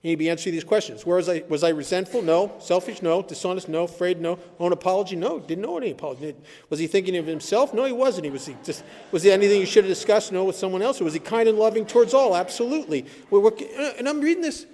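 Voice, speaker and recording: A man speaking at a recovery meeting, telling stories in an animated way and laughing at his own tales. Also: high voice, quick pace, few pauses. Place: meeting hall. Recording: echoey hall recording.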